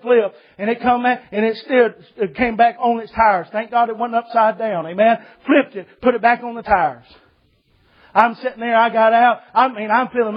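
A man preaching a sermon testimony, telling a lively story and acting out the voices of the people in it. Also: extremely high pitch, lo-fi sound.

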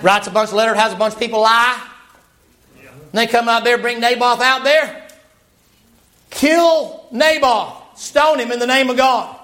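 A man preaching a sermon, retelling a scripture story in a folksy, animated way with playful asides. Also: extremely high pitch, moderate pace.

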